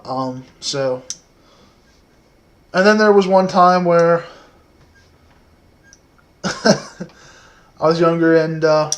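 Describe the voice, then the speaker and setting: A man in his twenties telling a story casually to the camera, soft-spoken and rambling, with many fillers. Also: on the high side, steady tone, drawn-out words, pauses often.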